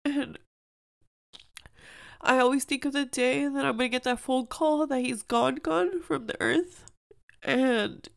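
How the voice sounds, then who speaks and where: A woman's voice: high voice, vocal fry. A young woman hosting a personal podcast, speaking earnestly and emotionally, with many "like"s and "um"s. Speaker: podcast host.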